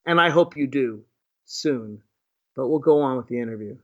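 A man's voice: medium pitch, normal speed, lo-fi sound. A man from Virginia hosting live political commentary, reacting to clips in a mocking, sarcastic voice full of rhetorical questions. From Virginia, USA.

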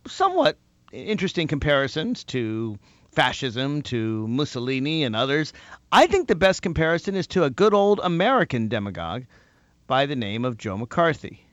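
A man hosting a political talk show, delivering an animated monologue and mocking his opponents' replies. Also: mid-range voice, no echo, muffled recording. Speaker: host.

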